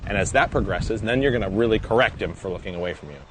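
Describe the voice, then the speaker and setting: A man's voice: on the low side, fast, a bit bright, poor audio. A man, a dog trainer, coaching a handler through a live session in a casual, instructive way, often checking in with "right?". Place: outdoors, training area. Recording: outdoor noise.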